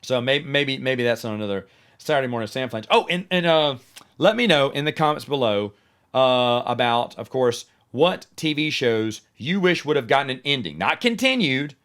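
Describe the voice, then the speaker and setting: A man's voice: mid-range voice, moderate pace, smooth. Chatty man hosting a solo podcast. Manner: chatty, animated storyteller who often restarts sentences. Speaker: podcast host. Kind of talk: casual solo podcast monologue.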